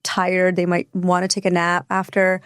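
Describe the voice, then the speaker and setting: A woman's voice: lowish voice, monotone, moderate pace, fairly bright tone, clean tone, no echo, clean studio sound. Woman explaining with many fillers. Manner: explains plainly with frequent fillers like um and you know. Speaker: nurse practitioner guest. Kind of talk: casual podcast conversation.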